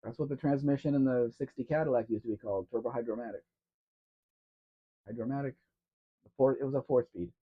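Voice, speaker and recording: A man's voice: mid-range voice, fast talker, hardly any pauses, breathy edge. A man co-hosting a casual live question-and-answer stream, musing offhand about old cars. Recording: dull lo-fi stream audio.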